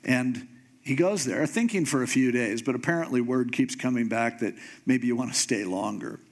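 A man preaching a sermon, telling a story in a comic way and acting out the characters with sudden jumps in pitch. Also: moderate pace. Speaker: pastor.

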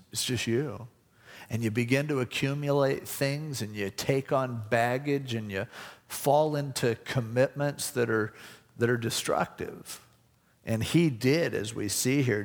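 A man's voice: mid-range voice, long reverb tail. A man preaching a conversational sermon, acting out the voices in his stories. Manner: conversational, acts out voices in anecdotes. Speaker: pastor.

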